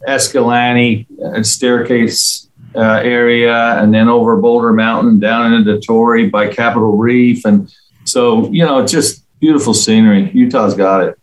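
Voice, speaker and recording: A man's voice: medium pitch, fairly even intonation, a little slow, poor audio. A middle-aged man from England, chatting casually and telling rambling, friendly stories in an interview. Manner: rambling, friendly storytelling with fillers. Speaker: interview guest, local resident. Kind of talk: casual conversational chat.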